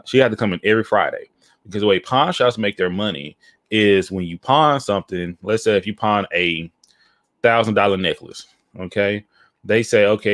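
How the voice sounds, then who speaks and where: A man tells a story in a casual podcast chat. He is animated, keeps checking in with his listener and slips into other people's voices. The mic sound is dry and close. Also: on the low side, no room sound. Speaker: podcast co-host.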